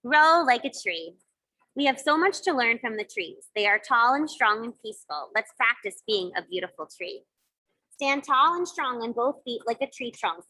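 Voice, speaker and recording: A woman with a bright, crisp, fairly high voice leads children through yoga and mindfulness exercises. She gives gentle, encouraging instructions and adds playful sound effects along the way. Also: animated, normal speed, poor audio. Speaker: kids yoga teacher. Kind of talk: guided kids yoga and mindfulness.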